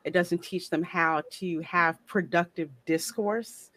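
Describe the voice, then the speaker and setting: A woman co-hosting a live-stream podcast over a video call, opinionated and animated with laughing asides. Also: on the low side, slow. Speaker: podcast co-host. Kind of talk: casual live-stream chat.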